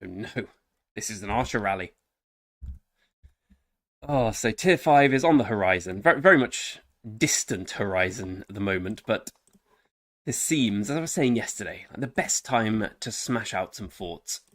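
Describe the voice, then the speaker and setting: A man's voice: fairly low pitch, animated, normal speed, no echo, clean studio sound. A man giving casual gameplay commentary, chatting to himself and his viewers with frequent exclamations. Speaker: game streamer.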